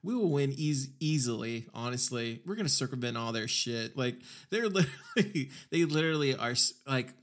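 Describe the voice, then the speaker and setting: A man's voice: medium pitch, fairly quick, few pauses, fairly bright tone. A podcast host, a man, delivering a heated, sarcastic, profane rant as commentary.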